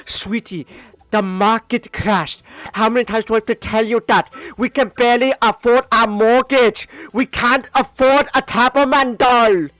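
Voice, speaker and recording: A man's voice: high-pitched, a little fast, fairly bright tone, dry recording. A man voicing a worn-out, broke father who is exasperated and short-tempered.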